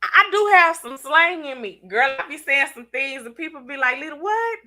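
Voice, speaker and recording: A woman with a Southern US accent hosts a casual live stream, her voice very bright and edged and sitting a little high. She sounds congested as she chats in loose slang and teases her viewers by name. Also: lively intonation, moderate pace. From Southern United States. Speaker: channel host reading live chat.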